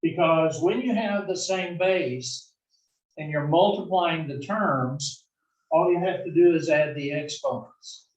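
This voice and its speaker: A man teaching an algebra class, explaining slowly and answering his own questions as he goes. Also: fairly high pitch, echoey room, far from the mic, low-quality recording. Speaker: math instructor. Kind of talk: recorded classroom lecture.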